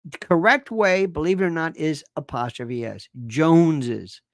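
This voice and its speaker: A man's voice: a little high, animated, normal speed, fairly bright tone, dry recording, clean studio sound. A man from Tampa, Florida, hosting a live commentary show, lecturing in a pedantic, sarcastic way. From Tampa, Florida, USA. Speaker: show host.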